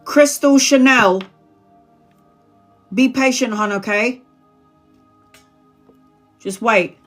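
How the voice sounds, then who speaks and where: A woman's voice: fairly high pitch, very slow, soft background music. A woman giving a live-stream tarot reading, chatty and blunt, swearing freely and calling viewers honey and sweetheart. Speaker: tarot reader.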